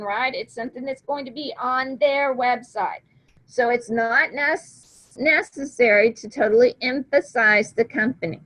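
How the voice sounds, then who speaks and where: A woman's voice: high voice, a bit bright, rough recording. A woman teacher giving a classroom lecture, talking conversationally and checking understanding with frequent "right?".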